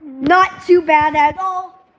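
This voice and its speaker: Very high-voiced rambling vlogger girl. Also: slow pace, highs cut off. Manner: rambling, keeps saying "anyways". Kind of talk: casual home vlog. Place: at a table indoors.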